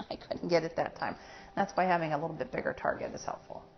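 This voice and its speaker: Low-voiced woman dog trainer. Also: fast talker, lo-fi sound, faint music behind. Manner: practical, explaining while working a puppy. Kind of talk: hands-on training lesson. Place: in a home.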